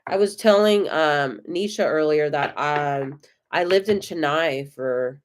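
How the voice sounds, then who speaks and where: A woman with an American accent giving tarot readings on a live stream, gentle, effusive and reassuring. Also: low-pitched, slow, slight background noise. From United States. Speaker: tarot reader.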